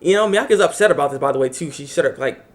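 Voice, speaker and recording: A man's voice: a little high, lively intonation, fast talker. A man rambling through a casual anime episode recap, acting out the characters' lines as he goes. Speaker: anime reviewer.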